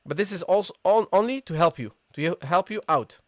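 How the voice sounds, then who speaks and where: A man teaching an online Arabic lesson live, repeating points and checking in with viewers after nearly every phrase, and sounding out letters slowly for them to copy. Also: high-pitched, expressive, no echo, clean studio sound. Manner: repetitive, checks in with "okay?" and "guys"; models pronunciations slowly.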